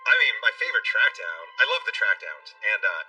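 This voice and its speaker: A man, an author guest on a talk show, telling a story at a brisk pace and acting out what people said. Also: on the low side, sing-song, sharp tone. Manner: brisk storyteller who acts out quotes. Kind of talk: interview storytelling. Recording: distant mic, faint music behind.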